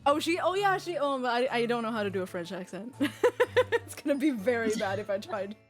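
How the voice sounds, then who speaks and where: A woman streaming a game, excitable and giggly, reading the game text aloud. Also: fairly high pitch, fairly quick. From Canada. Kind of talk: let's play commentary. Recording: game music loud in the mix. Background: game music.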